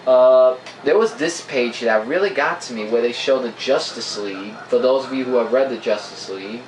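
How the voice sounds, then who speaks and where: An eager comic book reviewer and co-host rambles through a plot recap at normal speed, his mid-pitched voice full of fillers. It's a casual review chat filmed on camera in an indoor room that echoes, with a faint hiss underneath.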